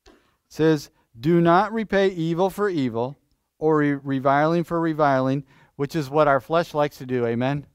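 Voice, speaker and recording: A pastor preaching in church, lively and questioning, restarting phrases and asking the congregation things. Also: male voice, on the high side, normal speed, clear, resonant tone, no room sound, studio quality. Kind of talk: sermon.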